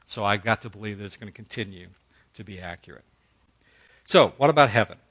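A man's voice: lowish voice, lively intonation, fairly quick, fairly bright tone, husky. A middle-aged man teaching a Bible study in a conversational preaching style, earnest and folksy, acting out quotes as he goes.

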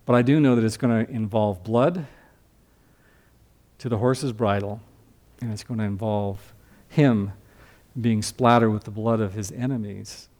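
A man's voice: lowish voice, fairly even intonation, a little slow, long pauses, a little mellow. An older man preaching a sermon as a pastor, teaching from scripture in a conversational way and asking the congregation questions.

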